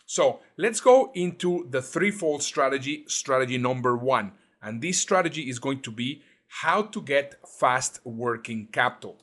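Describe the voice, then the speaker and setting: A man's voice: mid-range voice, lively intonation, unhurried, few pauses, a bit bright. A man giving an online business presentation as a coach, earnest and repetitive, with many fillers and restarts.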